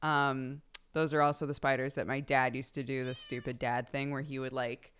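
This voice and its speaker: A woman's voice: extremely low pitch, level tone, moderate pace, a bit bright, clean tone. A young woman chatting casually on a live stream, laughing often and swearing offhandedly.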